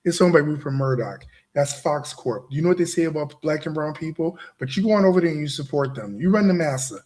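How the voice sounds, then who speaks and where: Emphatic higher-voiced male host. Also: animated, fast talker, darkish tone. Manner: emphatic, repetitive, keeps asking "right?". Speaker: show host. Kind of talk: motivational monologue to a live audience.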